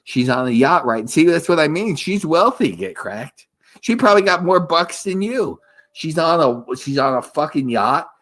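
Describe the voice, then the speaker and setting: A man's voice: on the high side, animated, moderate pace, fairly bright tone. A man hosting a live stream in casual chat, rambling crudely and repeating himself.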